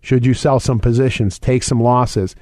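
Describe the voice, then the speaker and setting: A middle-aged man hosting a financial radio show, talking quickly and conversationally and repeating his key points. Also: mid-range voice, steady tone, dark tone, no echo, clean studio sound. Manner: fast, conversational, repeats points and phone numbers. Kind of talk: radio talk segment.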